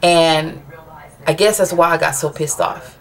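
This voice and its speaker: A woman's voice: deep voice, fairly even intonation, unhurried. A mother venting in a personal vlog, rambling and frustrated, with many restarts as she asks viewers for advice.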